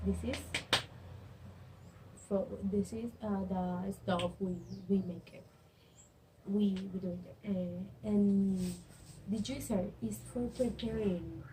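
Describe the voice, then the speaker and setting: A young woman student talks through her class notes slowly, halting and searching for words, often restarting her sentences. Her voice is soft and mellow. Faint ambient noise sits under her voice. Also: mid-range voice, rough recording. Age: young adult. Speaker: student presenter. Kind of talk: spoken class review.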